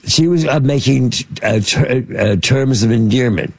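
A man's voice: mid-range voice, a little slow, vocal fry, breathy edge, no room sound. A man telling rambling anecdotes as an interview guest, full of fillers and restarts. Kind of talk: anecdotal storytelling.

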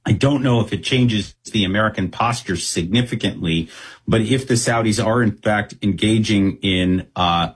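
A man speaking as a guest analyst in an interview, talking quickly and steadily with frequent ums and uhs. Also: fairly low pitch, breathy edge. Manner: fast, measured, with frequent um and uh. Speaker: Middle East analyst guest.

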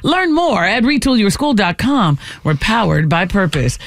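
High-voiced playful radio host. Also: male voice, sing-song, moderate pace, a bit bright, no room sound. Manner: playful, drawling, leads the segments. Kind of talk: morning radio chat.

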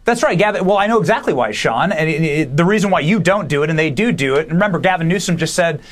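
A man, a podcast host appearing as a guest, delivering emphatic, opinionated political commentary in quick bursts. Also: a little high, lively intonation. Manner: emphatic, fast bursts, dismissive.

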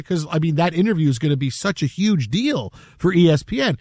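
A middle-aged man hosting a sports talk show, telling a story in an animated way and acting out the voices of the people in it. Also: a little high, a little fast, no echo, clean studio sound. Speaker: sports radio host.

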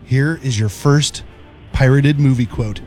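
A man's voice: mid-range voice, unhurried, a little mellow, soft background music. A man hosting a radio show, joking and laughing through a playful game. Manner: jokey, playful, laughs often. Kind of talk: morning radio banter. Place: radio studio.

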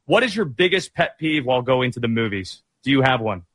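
A man's voice: medium pitch, very animated, brisk, a bit bright, dry recording. A man hosting a sports talk show in an easygoing way.

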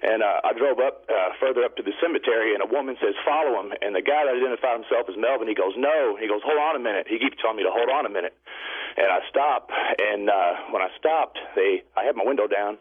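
A man calling in over a tinny phone line, rambling and halting, with a low voice. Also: slightly rough. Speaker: caller. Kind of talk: call-in storytelling. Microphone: telephone.

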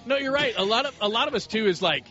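A man hosting a radio sports show, chatting casually in an animated, jokey way. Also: extremely high pitch, soft background music. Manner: animated, jokey, quick asides. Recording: slightly muffled radio broadcast.

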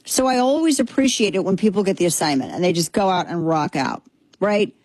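A woman's voice: lowish voice, a little fast, no room sound. A woman in her thirties from Texas hosting a casual opinion show, sarcastic and emphatic, repeating herself for effect. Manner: animated, sarcastic, emphatic repetitions. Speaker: commentary show host. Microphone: headphones.

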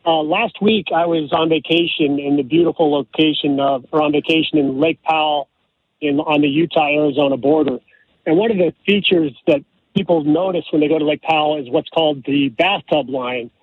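Brief: male caller, higher husky voice, phone-line sound, tells a story to land a joke. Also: brisk, no echo. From California. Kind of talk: phone-in chat.

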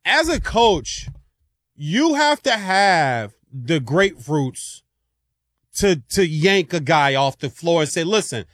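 A man co-hosting a sports talk show, energetic and playful, turning to address the listeners. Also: a little high, slow pace, dry recording, clean studio sound.

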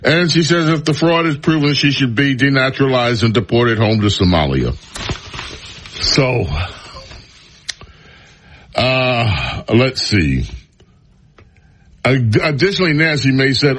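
A man's voice: mid-range voice, lively intonation, a little slow, pauses often, a bit bright. A man hosting a talk radio show, giving sarcastic, opinionated commentary on the news with frequent sighs and laughs.

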